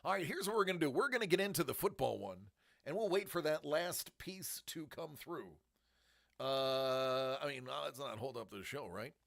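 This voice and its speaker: A man's voice: a little high, lively intonation, moderate pace, creaky, fairly bright tone. A man hosting a casual live stream, chatting upbeat with viewers, reading their comments aloud and muttering to himself as he works his setup. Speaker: livestream host running card breaks and giveaways.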